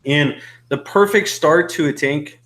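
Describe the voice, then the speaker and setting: A man's voice: on the high side, unhurried, a bit bright. A young man hosting a casual live-stream chat, rambling and laughing nervously, a little out of breath. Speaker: host.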